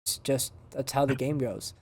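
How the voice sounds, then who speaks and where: A man's voice: mid-range voice, moderate pace, breathy edge. A man co-hosting a podcast in casual chat, telling stories and acting out the voices of the people in them. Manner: animated storyteller, acts out quoted voices. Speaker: podcast co-host.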